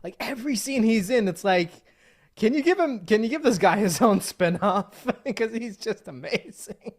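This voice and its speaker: A man's voice: high-pitched, lively intonation, normal speed. Enthusiastic male podcast host. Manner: enthusiastic fan, laughing. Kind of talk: casual interview chat.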